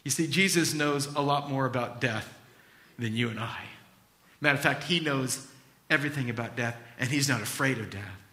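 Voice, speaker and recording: Animated preaching man, bright echoey voice. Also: medium pitch, moderate pace. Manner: animated preaching, acting out Bible scenes. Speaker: pastor. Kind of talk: sermon.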